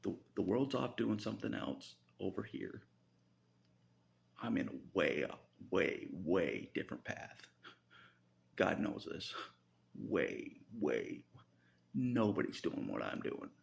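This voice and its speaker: Gravelly low-voiced man, chuckling. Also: very animated, takes it slowly, pauses often, lo-fi sound, a little hiss or hum. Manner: chuckling often, swearing, filler-heavy. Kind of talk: rambling spiritual monologue.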